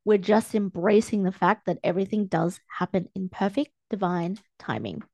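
A young woman hosts her own podcast, speaking straight to her listeners in a chatty, encouraging coaching tone. Her voice sits in an ordinary middle pitch. It is close-miked and dry, with no room sound. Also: fairly even intonation, moderate pace, creaky, a little mellow, no echo. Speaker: podcast host. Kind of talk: casual solo podcast talk. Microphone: close podcast mic, filmed for video.

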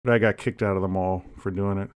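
Man podcast co-host, low-pitched, deadpan comic rambler. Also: quick pace. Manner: deadpan joking, rambling asides. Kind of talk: casual comedic chat.

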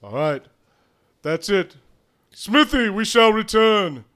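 Man playing a pompous flirty paladin, tabletop game voice, lively swoops, grandiose. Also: high-pitched, slow pace, smooth, voice pushed up, full character voice. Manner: grandiose, syrupy pet names.

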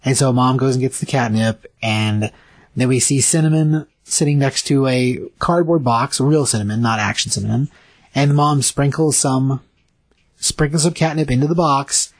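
Husky-voiced man recapping a comic. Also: medium pitch, no echo. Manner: animated, acts out comic dialogue in quick voices. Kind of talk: casual chat recapping a comic.

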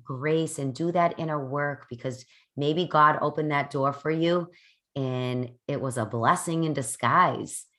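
A woman's voice: low voice, unhurried, fairly bright tone. A woman podcast host in casual conversation, affirming and effusive toward her guest. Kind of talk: casual chat.

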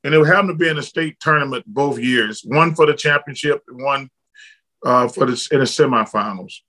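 Bright-voiced man telling stories. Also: mid-range voice, moderate pace, low-quality recording. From Alabama, United States. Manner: lively, blunt storyteller, casual slang. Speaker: guest, former basketball player. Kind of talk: candid storytelling in an interview.

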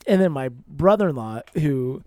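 A man's voice: fairly high pitch, expressive, moderate pace, dark tone, no room sound, clean studio sound. A man in his thirties telling a rambling, profane story in casual chat, often laughing as he talks. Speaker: podcast co-host.

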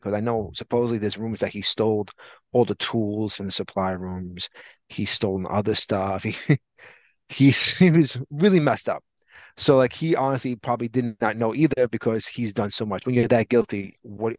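A man's voice: on the low side, normal speed, no room sound. A man co-hosting a podcast, telling a long story in casual chat, acting out the people in it. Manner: animated, rambling anecdote with acted-out quotes. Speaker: podcast co-host. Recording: dull lo-fi, dry sound.

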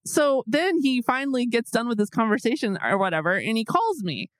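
A woman's voice: on the high side, big pitch swings, fairly quick, no room sound. A woman hosting a podcast, telling a story in casual chat, acting out her own exasperated quotes and swearing freely. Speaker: podcast host.

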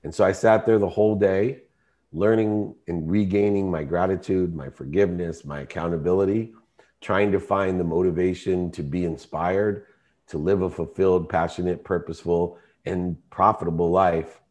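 A man's voice: low-pitched, steady tone, moderate pace. A man, a guest entrepreneur, telling his life story with emphatic, emotional delivery in an interview. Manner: emotional, emphatic, rising to shouting in quoted arguments.

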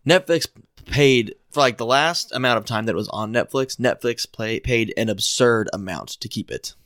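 A man's voice: medium pitch, animated, normal speed, fairly bright tone, no echo, clean studio sound. A man co-hosting a podcast, chatting casually and playfully, enthusiastic when retelling a favorite scene. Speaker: podcast co-host. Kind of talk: casual chat.

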